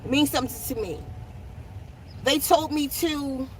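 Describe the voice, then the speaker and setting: High-voiced woman teaching from a noisy car. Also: a little slow. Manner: emphatic, repeats instructions to viewers; addresses audience as y'all. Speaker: spiritual channel host. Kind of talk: casual spiritual teaching while driving. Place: inside a moving car with the window down. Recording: noisy car interior with road noise.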